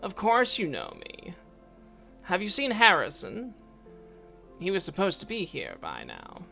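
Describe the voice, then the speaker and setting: A man's voice: high-pitched, wildly swooping pitch, measured pace, vocal fry, sharp tone, pitched above the performer's own voice, exaggerated voice. A man voicing Clive, a pompous and boastful male rival fighter in a tabletop game, with slightly dull sound and faint music behind. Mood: smug.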